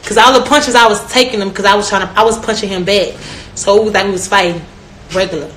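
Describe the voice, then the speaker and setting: A woman's voice: mid-range voice, fairly even intonation, fast talker, fairly bright tone. Brash, laughing young woman in an echoey room. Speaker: rapper telling stories. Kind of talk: casual chat. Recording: echoey room with faint noise.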